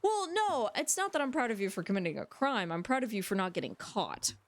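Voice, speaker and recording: A woman's voice: a little high, big pitch swings, a little fast, no echo. Woman streaming from home, rambly and jokey, talks to chat, dry close mic. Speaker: livestreamer. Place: home room.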